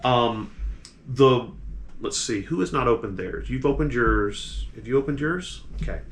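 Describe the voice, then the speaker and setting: A man narrating a tabletop game as game master, halting and restarting his sentences. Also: medium pitch. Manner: halting, full of restarts and fillers.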